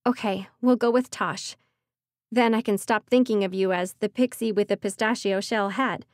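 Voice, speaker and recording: An earnest young heroine, urgent and determined, speaking in a middle-pitched voice, as a female audiobook reader plays her. The recording is dry and close, with no reverb. It stays close to the narrator's own sound. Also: fairly even intonation, moderate pace, a little mellow, lightly acted. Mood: grateful. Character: young woman heroine, desperate but determined.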